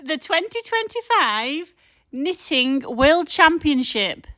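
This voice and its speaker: A woman with a very high, bright, lively voice keeps giggling through a line she cannot get right. She speaks slowly and hesitantly, a little away from the microphone. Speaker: vlogger's wife recording voice-over. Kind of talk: casual outtake attempts.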